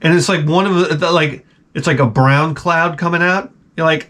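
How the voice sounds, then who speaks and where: Male host, rambling comedic monologue, fairly high voice, profane, animated sound effects. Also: normal speed. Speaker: channel host.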